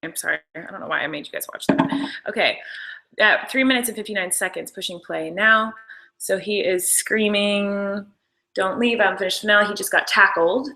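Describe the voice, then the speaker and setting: A woman's voice: mid-range voice, normal speed, gravelly, pushed and bright, poor audio. A young woman chatting casually on a live stream, gushing over behind-the-scenes stories with apologetic asides. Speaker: show creator and host.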